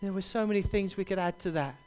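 A man preaching a sermon, building to loud, impassioned repeated cries. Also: sits high, quick pace.

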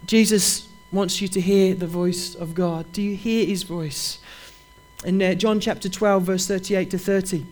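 High-voiced man preaching a fervent sermon. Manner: reads scripture aloud with rising emphasis; fervent, repetitive preaching cadence.

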